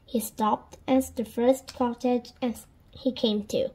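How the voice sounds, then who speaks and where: A woman reading a children's storybook aloud in a gentle, deliberate storytelling manner. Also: a little high, steady tone, breathy edge, low-quality recording. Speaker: storybook reader.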